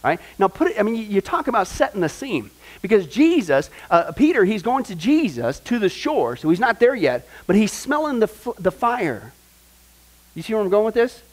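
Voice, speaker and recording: Animated high-voiced man teaching Bible class. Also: moderate pace, low-quality recording. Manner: animated, asks the class questions often.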